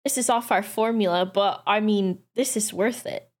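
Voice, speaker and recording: A woman co-hosting a podcast, chatting casually and encouraging her partner. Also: medium pitch. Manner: encouraging, quick to agree. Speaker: podcast co-host. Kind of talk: casual chat. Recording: faint music behind.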